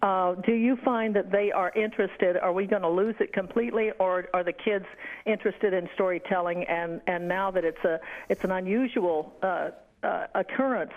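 A woman's voice: on the low side, normal speed. A woman from North Florida calls into a radio show, chatty and laughing often. Her voice comes through a dull, muffled phone line. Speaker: caller. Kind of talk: call-in conversation. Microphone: telephone line.

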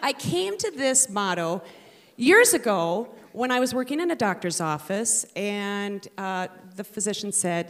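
A woman's voice: medium pitch, lively intonation, a little slow, in a large hall. A middle-aged woman telling a wry, self-mocking comic story about raising her daughter.

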